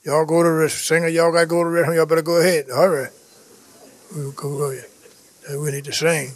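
A male preacher with a somewhat high-pitched voice delivers a charismatic sermon. He exhorts the congregation fervently and repeats phrases again and again. Every so often he breaks into speaking in tongues or chuckles. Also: little pitch movement, fast.

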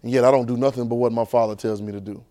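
A man voicing a calm, humble grown man who speaks earnestly about praying to his Father. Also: mid-range voice, very fast, dry recording, pitched below the performer's own voice, lightly acted.

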